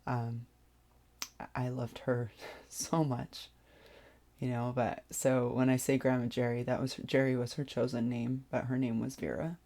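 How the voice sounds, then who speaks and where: A vlogger telling a personal story in a hesitant way, with many pauses and restarts. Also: medium pitch, level tone, mellow.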